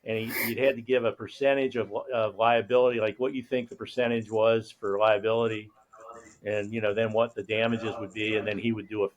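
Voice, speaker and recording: A man's voice: on the low side, fairly quick. Chatty man host trading stories. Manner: lively anecdotal storytelling. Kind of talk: casual chat.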